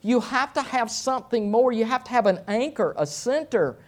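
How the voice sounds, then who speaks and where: A middle-aged man preaching a sermon as pastor, speaking slowly and deliberately. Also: very high-pitched, expressive. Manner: slow, deliberate delivery.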